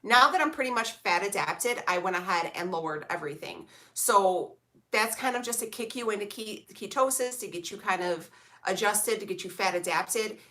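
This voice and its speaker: Sassy young woman streamer, crisp bright tone, blunt slangy chatter. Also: medium pitch, lively intonation, normal speed. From Illinois, USA. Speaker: vlogger reading live chat. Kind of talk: casual live-stream chat.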